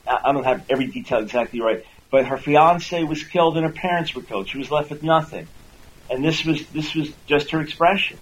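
A man's voice: on the high side, fairly quick, a little hiss or hum, low-quality recording. A man hosting a radio talk show, earnestly teaching listeners and repeating words as he builds each point. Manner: acts out quoted speech in a raised voice. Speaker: radio host and Christian apologist.

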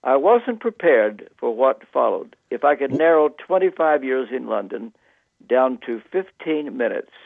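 A man telling a personal story as a radio guest, earnest and quoting others with slow emphasis. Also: mid-range voice, big pitch swings, gravelly, dry recording. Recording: dull, dry lo-fi radio audio.

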